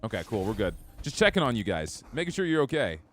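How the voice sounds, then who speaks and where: A man's voice: fairly low pitch, sing-song, fast talker, soft background music. Chatty young male game streamer. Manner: upbeat, chatty, talks to chat. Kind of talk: live gameplay commentary.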